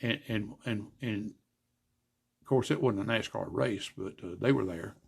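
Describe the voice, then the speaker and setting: An older man, a guest telling racing stories in a folksy, animated way, acting out the dialogue. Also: fairly low pitch, normal speed. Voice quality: gravelly, husky. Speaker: guest, former racer and car builder. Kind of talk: casual storytelling interview.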